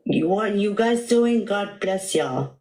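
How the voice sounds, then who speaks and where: A woman's voice: mid-range voice, expressive, slow, a little mellow. A woman calling into a live stream who speaks in an earnest, preachy way. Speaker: caller. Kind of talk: casual call-in chat.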